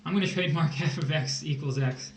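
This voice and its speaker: A man's voice: on the high side, fast. A man tutoring test prep on a casual livestream, joking and rambling as he explains math. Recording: echoey room, faint hiss.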